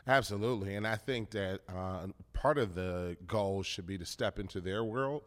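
A middle-aged man, a pastor, hosting a church video talk with an upbeat, expressive delivery. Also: on the low side, normal speed. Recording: reverberant room sound.

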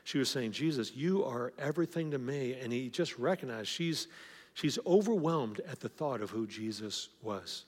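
Long hall reverb fills this recording of a man preaching as pastor in a church sanctuary. His medium-pitched voice is animated and moves at normal speed, and his conversational delivery often repeats words when starting a phrase.

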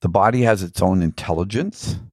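A man's voice: low-pitched, moderate pace, darkish tone, no echo, clean studio sound. A man telling reflective spiritual stories as an interview guest, earnest and musing, often putting questions to himself.

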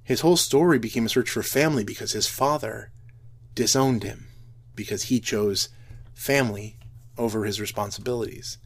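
A man's voice: fairly low pitch, normal speed. A man giving an earnest, reflective talk to an audience, often restarting his sentences. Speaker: speaker.

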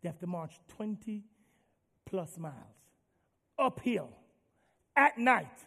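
Pastor, male, high gravelly voice, call-and-response sermon in a reverberant hall. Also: normal speed. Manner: call-and-response preaching, swinging from soft to loud.

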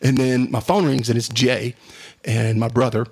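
A man's voice: medium pitch, moderate pace, vocal fry, breathy edge. A man, telling a funny story in casual chat and acting out the quotes. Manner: animated storyteller, acts out quotes.

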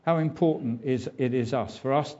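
Male preacher, mellow mid voice, chatty sermon delivery, muffled lo-fi capture. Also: medium pitch, moderate pace. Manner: conversational preaching with fillers and asides.

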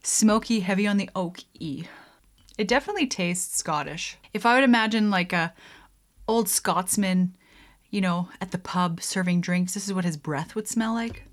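Woman, mid-pitched voice, giggly, rambling, self-deprecating, casual home vlog chat. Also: normal speed. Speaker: home cocktail vlogger.

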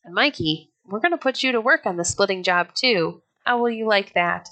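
A woman voicing a kindly, firm pioneer father in a storybook reading, slow and reassuring. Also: medium pitch, animated, pushed and bright. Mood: gentle firm.

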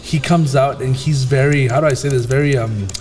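A man hosting a casual faith discussion, talking in a halting way with many fillers and restarts. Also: mid-range voice, a little mellow, in a large hall, faint music behind.

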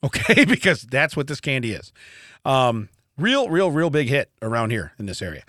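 Animated bright-voiced man telling stories. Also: mid-range voice, moderate pace, no echo, studio quality. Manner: animated storytelling, acting out quotes and laughing often. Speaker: podcast co-host. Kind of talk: casual chat. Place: podcast studio.

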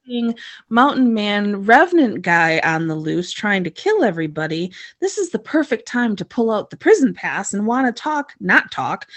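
A woman in casual conversation, recapping a story in a loose, rambling way. She uses lots of fillers and talks at an easygoing, mid-pitched level. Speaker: podcast co-host recapping a TV episode. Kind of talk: casual chat.

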